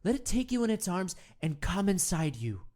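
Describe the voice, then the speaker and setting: A woman's voice: fairly low pitch, sing-song, moderate pace, dark tone. A woman playing a rambling, earnest male self-help guru hosting a comedy meditation show, full of stammered restarts. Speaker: host. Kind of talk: improvised comedy monologue.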